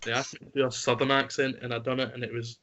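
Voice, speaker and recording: Bright-voiced young man. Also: medium pitch, fast talker, slight background noise. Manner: chatty, excitable storytelling. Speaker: podcast co-host. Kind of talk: casual chat among friends.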